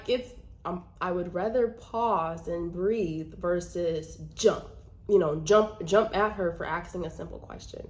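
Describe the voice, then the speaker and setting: A woman's voice: lowish voice, unhurried. Chatty woman vlogging about trading. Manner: chatty, many "like" fillers, earnest. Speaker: vlogger and trader. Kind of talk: casual talk to camera.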